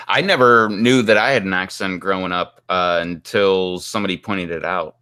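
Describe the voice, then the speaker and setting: A man with a Pittsburgh accent hosts a relaxed live stream, chatting casually and breaking into laughs. His voice sits a little low but sounds bright and forward. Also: moderate pace, clean tone. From Pittsburgh, US East Coast. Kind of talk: casual chat.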